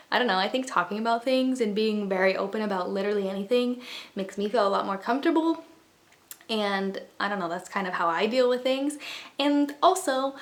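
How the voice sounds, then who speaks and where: A young woman in her twenties chatting casually and rambling as she bakes in her apartment kitchen, laughing often. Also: on the high side. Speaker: vlogger. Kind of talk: casual chat while baking. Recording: echoey room, faint noise.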